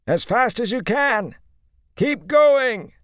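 A man voicing a young man who shouts a desperate warning across a field at the top of his lungs. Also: very high-pitched, lively intonation, slow, no echo, clean studio sound, voice pushed up, heavily acted. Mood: urgent shouting. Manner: bellowing at full volume.

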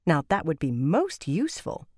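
A woman's voice: low voice, huge pitch swings, moderate pace, dark tone, no echo, studio quality, exaggerated voice. A woman voicing a plump, calculating schemer in a fantasy audiobook, with a musing manner.

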